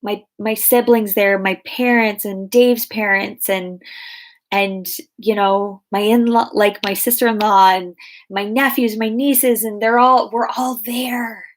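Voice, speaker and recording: A woman's voice: medium pitch, fairly even intonation, measured pace. Chatty woman coaching a Q&A. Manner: chatty, many fillers and restarts. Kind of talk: casual Q&A coaching talk.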